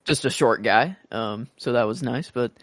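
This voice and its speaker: A man co-hosts a podcast in relaxed chat, his mid-range voice moving at a moderate pace with a slightly bright edge. He rambles, restarting often and using lots of fillers, captured in a dry, studio-quality recording.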